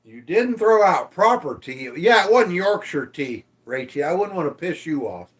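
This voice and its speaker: A man's voice: on the high side, big pitch swings, moderate pace, fairly bright tone. A man hosting a casual livestream, reading viewer comments aloud and teasing them, swearing freely. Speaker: livestream host.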